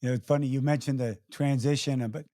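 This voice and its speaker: A man's voice: mid-range voice, fairly even intonation, quick pace, warm tone, no echo, clean studio sound. A man hosting an interview, laughing easily and retelling stories with quoted voices. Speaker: host. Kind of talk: casual interview conversation.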